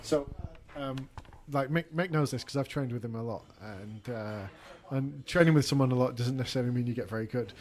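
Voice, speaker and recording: A man's voice: mid-range voice, fairly quick, hardly any pauses, a little mellow. A man, a podcast producer asking questions in a rambling, self-deprecating way full of fillers. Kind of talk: casual interview chat.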